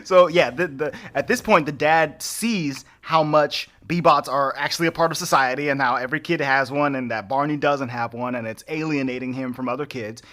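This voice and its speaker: A man's voice: medium pitch, normal speed, hardly any pauses, bright, forceful tone. A man co-hosting a podcast, casually recapping a movie and acting out the characters with laughs. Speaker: podcast co-host.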